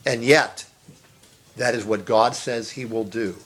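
Guy preaching, earnest and emphatic, middle pitch voice, repeats himself a lot. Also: fairly even intonation, slow, a bit bright. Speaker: pastor. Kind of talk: sermon.

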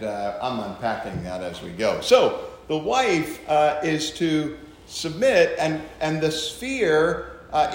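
A man, a pastor, teaching from the Bible in a conversational way with joking asides to his listeners. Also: on the high side. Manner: chatty, joking asides to the audience. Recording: very echoey room.

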